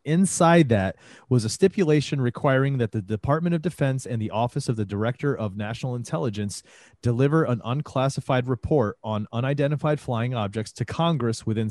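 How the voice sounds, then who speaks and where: A man co-hosting a casual podcast chat, brisk and laying out facts. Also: mid-range voice, a little mellow, no echo, clean studio sound. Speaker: podcast co-host.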